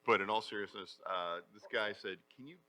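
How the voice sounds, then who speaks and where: Middle-aged male voice actor, animated panel storyteller. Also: lowish voice, normal speed, clean tone, rough recording. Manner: energetic storyteller, acts out quotes. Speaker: voice actor giving a talk. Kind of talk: conference panel talk.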